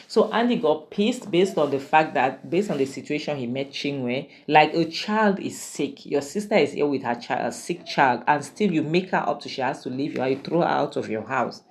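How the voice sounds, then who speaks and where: Woman, low voice, chatty, opinionated, casual drama recap. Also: animated, normal speed, hardly any pauses. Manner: chatty and opinionated, with exclamations and asides. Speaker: drama reviewer.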